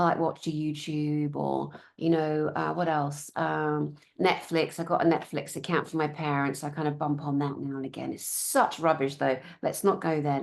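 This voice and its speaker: A woman's voice: lowish voice, vocal fry. Blunt British woman ranting at a conference. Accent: British English. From Britain. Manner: animated, sarcastic, mimics officials in mocking voices; blunt, swears freely. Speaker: conference speaker. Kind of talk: conference talk.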